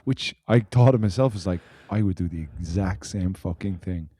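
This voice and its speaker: Guy on a podcast, swears a lot, fumbles his words, lowish mellow voice, dry close mic. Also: normal speed, no echo. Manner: swears freely, lots of fillers and restarts, laughs through stories. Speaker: podcast co-host. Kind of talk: casual chat.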